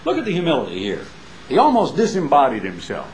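A man's voice: a little high, huge pitch swings, fast, slight background noise, low-quality recording. A man preaching a sermon in a folksy, emphatic way, building up with rhetorical questions and homespun asides.

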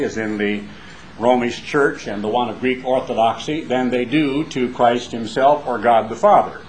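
A man with an American twang, an evangelist giving a broadcast sermon in a conversational preaching manner, slowing down to stress key phrases. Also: mid-range voice, slight background noise, rough recording. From United States.

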